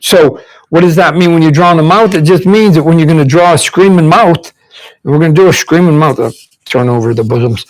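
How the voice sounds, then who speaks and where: A man with a somewhat high voice talks through a live drawing lesson while he sketches. He rambles, restarts and repeats words, and he acts out mouth sounds to show what he means. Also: fairly quick, poor audio. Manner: demonstrates mouth sounds and faces. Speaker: comic book artist teaching drawing. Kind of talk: casual live drawing demonstration.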